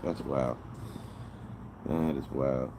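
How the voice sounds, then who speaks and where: A man's voice: extremely low pitch, steady tone, drawn-out words, mellow, a little hiss or hum, low-quality recording. A man livestreaming to his viewers, rambling in an aggrieved way and swearing a lot. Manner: aggrieved, rambling and heavily profane. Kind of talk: casual livestream chatter to viewers.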